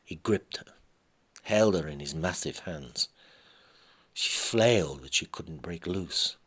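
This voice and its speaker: A man reading his own dramatic story aloud, with deliberate narration. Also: very deep voice, lively intonation, fairly bright tone, slightly rough.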